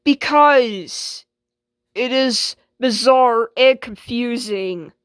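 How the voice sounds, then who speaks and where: An exasperated, sensible washing machine, voiced by a woman, sighing and dry in her sarcasm, speaking slowly in a fairly high voice. The recording is close and dry. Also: clean tone, dry recording. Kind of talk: homemade skit voice acting.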